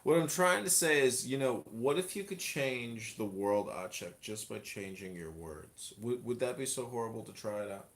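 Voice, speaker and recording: A man hosts a rowdy joking chat with a deadpan, teasing manner. His voice sits at an ordinary middle pitch. He needles the others with dry mock seriousness. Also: moderate pace, hardly any pauses. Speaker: show host and candidate.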